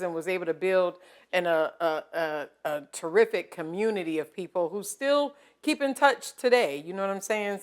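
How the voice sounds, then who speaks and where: A woman chef hosting a casual interview, telling stories in an animated way and laughing often. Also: lowish voice, smooth. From American South.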